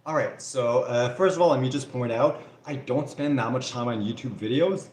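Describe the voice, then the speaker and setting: A man's voice: mid-range voice, normal speed, darkish tone, roomy sound. A man from Canada with a French Canadian accent, hosting a live Q&A and reading out viewer comments in casual chat, with plenty of "like" and "you know". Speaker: livestream host answering viewer questions.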